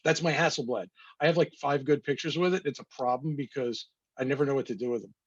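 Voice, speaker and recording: A man's voice: medium pitch, fast, husky, no echo, highs cut off. A man, a photographer talking casually through his slides with wry, anecdotal asides. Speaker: photographer presenting his work.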